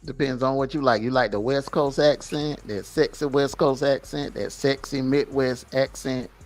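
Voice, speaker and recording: An easygoing man in relaxed conversation on a live stream. His voice sits at an ordinary male pitch, and he talks in a laid-back, friendly way. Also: normal speed, faint music behind. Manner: easygoing, complimentary talk. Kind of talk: casual chat.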